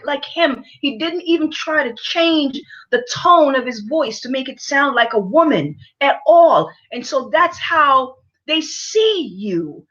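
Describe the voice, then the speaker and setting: A woman vlogger giving her opinions to camera, halting with many fillers and repeated words, and lecturing her audience emphatically. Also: sits high, fairly bright tone, muffled recording.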